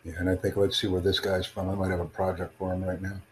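This time the American host's voice comes through low, monotone and quick over poor audio with a little hiss or hum. He chats casually with callers on his livestream podcast, rambling, repeating himself and self-promoting.

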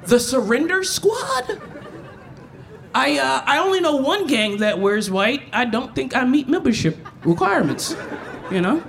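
A woman doing a profane, animated stand-up set on a live stage, breaking into mimicked voices as she tells stories. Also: high-pitched, a little slow, creaky, slight background noise. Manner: animated, profane, mimics others mid-story. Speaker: stand-up comedian. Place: stage at a live festival event.

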